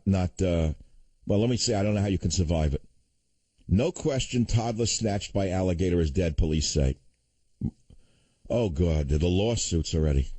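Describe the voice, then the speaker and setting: An older man hosts a talk radio monologue, slipping from sarcastic outrage into grave reflection. His voice sits low and dark, with a husky edge. The studio sound is dry. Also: dry recording. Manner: indignant, sarcastic, swings between outrage and somber. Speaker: radio talk show host. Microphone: studio microphone.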